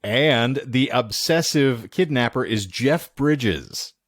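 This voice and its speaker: A man's voice: mid-range voice, animated, slow pace, no echo, clean studio sound. A man co-hosting a podcast, chatting casually and rambling through film plot recaps with lots of fillers. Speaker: podcast co-host. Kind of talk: casual chat about films.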